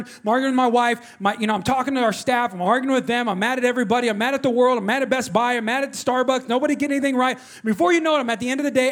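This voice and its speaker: High-voiced, fast-talking preacher man. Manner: animated, conversational, addresses the congregation directly. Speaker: pastor. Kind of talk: sermon with personal storytelling.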